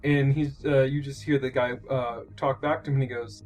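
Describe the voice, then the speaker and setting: A man's voice: mid-range voice, flat delivery, moderate pace, few pauses, darkish tone, faint music behind. A man running a tabletop game, narrating and joking casually with fillers. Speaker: game master.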